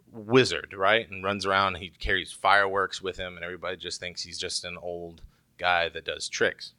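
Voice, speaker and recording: A man's voice: low voice, sharp tone, no room sound. A man preaching a sermon in a conversational way, with joking asides to the congregation. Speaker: pastor.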